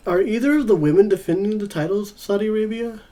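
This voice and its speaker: A man with a rather high voice co-hosts a casual wrestling chat. He sounds easygoing, chuckles often and restarts his sentences as he thinks. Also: fast talker, dark tone. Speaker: podcast co-host.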